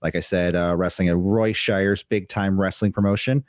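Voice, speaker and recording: A man co-hosting a casual wrestling podcast talks in a low voice, rambling and halting with many fillers. The recording is close and dry, with no room sound. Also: steady tone, no room sound. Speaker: podcast co-host. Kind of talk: casual chat.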